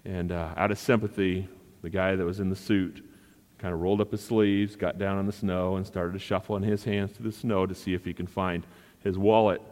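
A man's voice: low-pitched, flat delivery, a little fast, a little mellow. A male pastor preaching a sermon in an earnest manner and repeating phrases for emphasis. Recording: long hall reverb.

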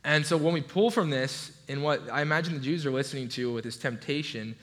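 A man preaching a sermon in a relaxed, conversational way, with frequent restarts and light asides. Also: on the high side, fairly quick. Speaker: pastor.

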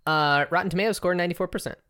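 A woman's voice: fairly low pitch, rapid-fire, a bit bright. A woman co-hosting a casual movie podcast, laid-back, reading out film facts and asking questions. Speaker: podcast co-host. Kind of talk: casual movie-review chat.

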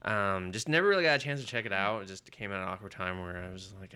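A low-pitched man talks fast with hardly any pauses, his tone sharp and clean. He's co-hosting a podcast, casually reviewing comics and retelling a plot in a rambling, foul-mouthed way heavy on filler words.

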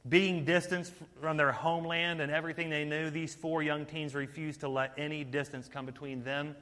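A man preaching a sermon in an energetic, conversational way, talking straight to his listeners. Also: fairly high pitch, moderate pace, in a large hall.

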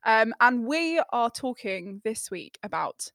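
A woman's voice: on the high side, very animated, slow pace, a bit bright, no room sound, studio quality. A woman co-hosting a podcast, telling stories in a chatty, giggly way. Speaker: podcast co-host. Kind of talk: casual chat.

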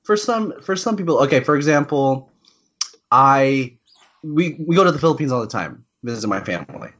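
A young American man chatting on a podcast, voice pitched in the usual middle range for a man. He tells anecdotes loosely and laughs easily. It sounds like he is speaking over a remote call. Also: very animated, moderate pace, a bit bright, lo-fi sound. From United States. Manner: storytelling, laughing often. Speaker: podcast co-host. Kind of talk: casual chat.

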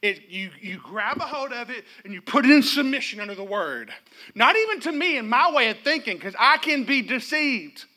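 A middle-aged man pastors a church service, preaching with lively, funny stories and calling out for the congregation's responses. He talks at normal speed in a very high voice.

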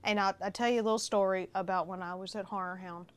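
A woman guest on a casual podcast, telling a story in a warm, animated way. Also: medium pitch, fast talker, smooth. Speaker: film festival organizer guest.

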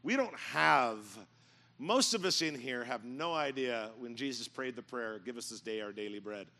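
Male pastor, middle-aged, gravelly edge, very bright tone, storytelling sermon, swings to loud emphatic climaxes. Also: mid-range voice, normal speed. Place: church sanctuary.

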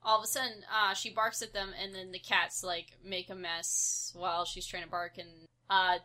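A woman co-hosting a casual movie chat, talking fast with many fillers and bursts of outrage. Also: medium pitch, bright, forceful tone. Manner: chatty, lots of "like", quick bursts of outrage. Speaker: podcast co-host.

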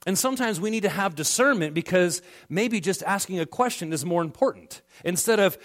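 Lively, animated male pastor preaching. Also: high voice, fairly quick, hardly any pauses. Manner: conversational preaching with acted-out quoted voices. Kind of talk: sermon.

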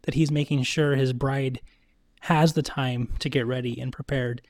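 A man in a casual Bible study chat who speaks warmly and enthusiastically, affirming what the others say. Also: mid-range voice, steady tone, normal speed. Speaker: co-host in a Bible study talk.

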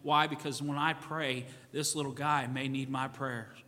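Bright-voiced pastor preaching in a reverberant church. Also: male voice, mid-range voice, level tone, unhurried. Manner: folksy, repeats "you know what?", acts out quoted voices. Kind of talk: sermon. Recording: church sanctuary with long reverb.

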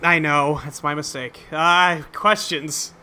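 A man hosting a podcast, lively and steering the conversation along. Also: on the high side, takes it slowly, clear, resonant tone. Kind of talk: casual podcast chat. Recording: noisy podcast mic.

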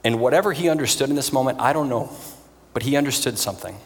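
A man preaching a sermon in an earnest, emphatic way, pausing for weight. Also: medium pitch, animated, long reverb tail. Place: church.

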